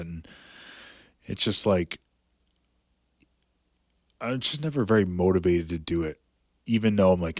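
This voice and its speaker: A man's voice: deep voice, moderate pace, pauses often, darkish tone, dry recording, studio quality. A man in his thirties, a professional fighter, talking casually as a podcast guest and rambling with lots of filler words. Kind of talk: casual storytelling chat.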